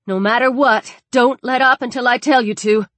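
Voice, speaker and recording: A woman's voice: a little high, steady tone, normal speed, fairly bright tone, dry recording, pitched above the performer's own voice, lightly acted. A woman voicing a resourceful young woman in danger, giving tense, urgent orders. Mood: commanding.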